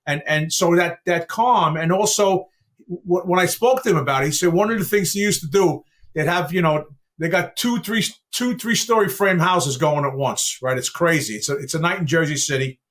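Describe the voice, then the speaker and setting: Animated storytelling man, higher voice. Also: moderate pace. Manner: animated storyteller with chuckles and asides. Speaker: podcast host. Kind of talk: casual chat.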